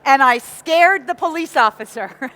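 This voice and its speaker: High-voiced woman with North American accent. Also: a little slow, background noise. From Nottingham, England. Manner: lively, engages the audience with questions. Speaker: motivational speaker. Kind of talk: talk to a live audience.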